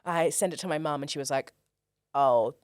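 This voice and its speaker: A young Australian performer telling stories in a casual interview, animated and comic, acting out quoted voices. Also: female voice, low voice, fast talker, dry recording, studio quality. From Australia, Perth. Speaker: guest, performer.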